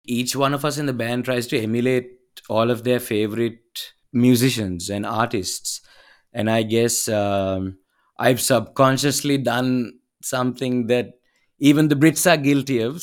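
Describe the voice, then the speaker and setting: A man's voice: medium pitch, fairly even intonation. A man, a band's vocalist, talking casually in a guest interview. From Sri Lanka. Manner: rambling, fast, with restarts. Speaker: band vocalist.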